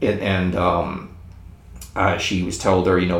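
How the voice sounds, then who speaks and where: Gravelly low-voiced man telling a story. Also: a little slow, long pauses. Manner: animated, rambling, frequent restarts. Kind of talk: casual secondhand storytelling. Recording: roomy echo with faint ambience.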